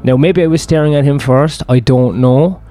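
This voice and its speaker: A man's voice: mid-range voice, moderate pace, mellow, faint music behind. Rambling, profane young man. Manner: profane, rambling, self-deprecating. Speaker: host. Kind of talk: rambling personal storytelling.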